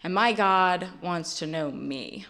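Bright-voiced woman in her late twenties. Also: fairly low pitch, takes it slowly. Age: late 20s. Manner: candid, rambling, filler-heavy. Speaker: recovery meeting speaker. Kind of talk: personal testimony at a meeting.

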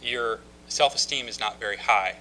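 A man telling his own recovery story to a group, halting with many restarts and dry, self-mocking humor. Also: fairly low pitch, background noise. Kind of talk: personal testimony talk.

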